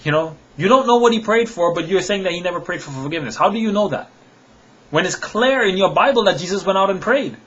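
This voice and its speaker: Answering a critic in a direct-to-camera monologue, a religious apologist gets heated, scoffing with chuckles, fires rhetorical questions, and repeats himself when worked up. His voice is on the high side with a fairly bright tone, and the recording's highs are cut off.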